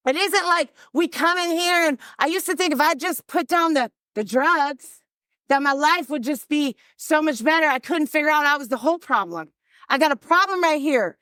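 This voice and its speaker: A woman's voice: extremely high pitch, bright, forceful tone, no room sound, clean studio sound. A woman sharing her recovery story with a group, a candid, humorous storyteller who acts out the voices of others. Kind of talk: personal testimony to a recovery group.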